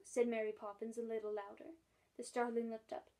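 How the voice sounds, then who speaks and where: A woman's voice: a little high, a little fast. Woman reading a children's book aloud. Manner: expressive, lively storytelling. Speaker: librarian.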